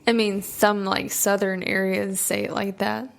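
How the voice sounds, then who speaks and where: A woman's voice: mid-range voice, level tone, measured pace, creaky. A woman co-hosting a podcast in casual chat, teasing and laughing often. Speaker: podcast co-host.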